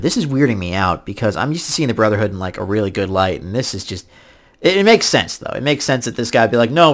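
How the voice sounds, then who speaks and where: A man giving casual let's-play commentary, excitable, swinging from mumbling to loud outbursts. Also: mid-range voice. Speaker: gaming YouTuber.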